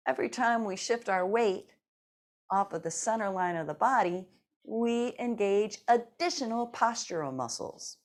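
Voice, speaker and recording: A woman leading a seated exercise class, giving slow, encouraging cues and laughing often between them. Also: mid-range voice. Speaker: fitness instructor.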